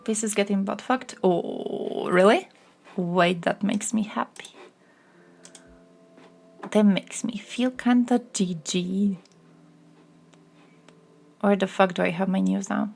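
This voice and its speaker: A woman's voice: mid-range voice, slow pace, gravelly, long pauses, a little mellow. A young woman from the Balkans, live-streaming casual chat, reacting to news and chat with crude jokes and frequent laughter. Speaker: livestreamer.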